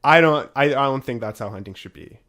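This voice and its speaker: A man's voice: mid-range voice, brisk, a bit bright. A man hosting a casual podcast, chatty and upbeat as he runs through promos and talks with his guest. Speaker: podcast host.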